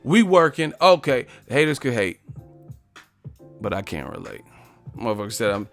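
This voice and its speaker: A man's voice: medium pitch, very animated, moderate pace, fairly bright tone, soft background music. A man hosting a live stream, confrontational and profane as he roasts the commenters in his chat. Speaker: livestream host.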